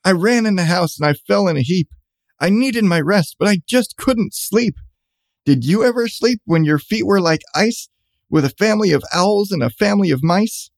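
High gravelly man reading rhymes. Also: lively intonation, normal speed, dry recording. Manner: bouncy rhyming read-aloud cadence. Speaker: storyteller. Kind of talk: reading a rhyming storybook aloud.

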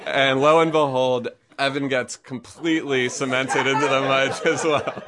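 A man's voice: medium pitch, steady tone, moderate pace, few pauses, a crowd in the background. A man telling a personal story to a live audience, chatty and self-amused, laughing often and peppering his speech with fillers.

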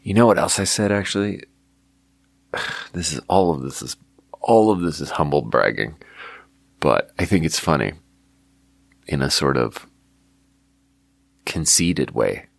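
Creaky-voiced man, wry late-night monologue. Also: very deep voice, animated, measured pace, pauses often, dry recording. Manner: wry, self-mocking, swears freely. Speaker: solo podcast host.

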